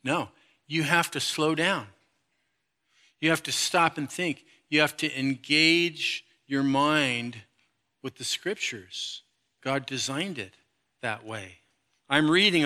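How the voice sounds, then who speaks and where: A middle-aged man preaching a conversational sermon, animated and casual, acting out asides and sound effects. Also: medium pitch, takes it slowly. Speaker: pastor.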